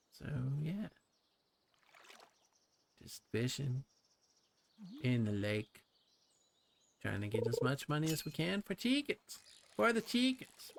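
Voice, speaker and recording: A man chatting through a relaxed gameplay session, his voice gravelly with a middling pitch and a soft hiss behind it. He rambles playfully, trailing off into fillers as he goes. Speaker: let's play host. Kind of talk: casual gameplay commentary.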